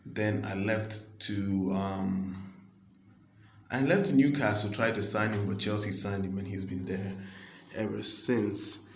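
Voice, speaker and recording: Man from Nigeria, chatty gaming commentator; low voice, echoey room. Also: a little hiss or hum. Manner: chatty, rambling, quick to get excited. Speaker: gaming video creator. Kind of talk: casual gameplay commentary. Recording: roomy echo.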